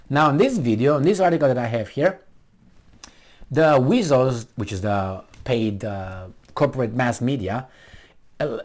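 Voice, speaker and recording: A man hosting a commentary video, reading a news article aloud and mocking it with sarcasm and swearing. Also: mid-range voice. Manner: animated, sarcastic, swears and mocks the article's author. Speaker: political commentary video host.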